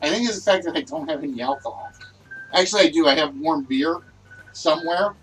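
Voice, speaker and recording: A man hosting a livestreamed list game show, talking loudly and excitably and chatting with his viewers. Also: on the high side, fairly quick, distant mic, faint music behind, rough recording.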